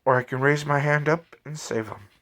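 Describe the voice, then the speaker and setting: A man's voice: a little high, normal speed, a bit bright, pitched above the performer's own voice. A man doing a cryptic godlike young man. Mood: grand, cryptic.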